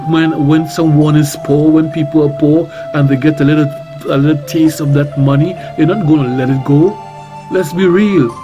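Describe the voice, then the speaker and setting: A man with a Trinidadian accent preaching on talk radio in a somewhat high voice. He speaks boldly and emphatically, repeats phrases and asks one rhetorical question after another. Music plays clearly beneath him. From Trinidad and Tobago. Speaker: reverend and radio talk host.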